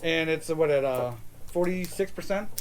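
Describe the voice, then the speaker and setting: A man's voice: fairly high pitch, moderate pace, crowd noise. A man co-hosting a casual whiskey review, explaining things patiently with some ums and uhs. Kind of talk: casual chat.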